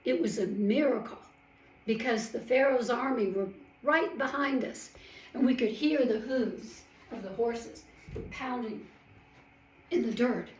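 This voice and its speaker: Roomy, somewhat high-voiced woman storyteller. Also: darkish tone, slight background noise. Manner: slow, emphatic storytelling with acted-out quotes. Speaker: Bible storyteller. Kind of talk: in-character Bible story narration. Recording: roomy echo, mic at a distance.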